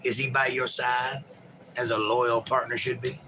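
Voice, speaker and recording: A man's voice: medium pitch, little pitch movement, moderate pace, sharp tone, a little hiss or hum, poor audio. A man hosting a livestream, reading viewer chat aloud and chatting in a rambling, folksy, joking way.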